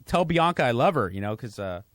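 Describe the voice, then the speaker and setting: A middle-aged man chatting as a podcast guest, telling stories in a halting, self-deprecating way with many restarts. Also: medium pitch, sing-song, dry recording, clean studio sound. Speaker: guest, radio host. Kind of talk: casual podcast chat. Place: studio.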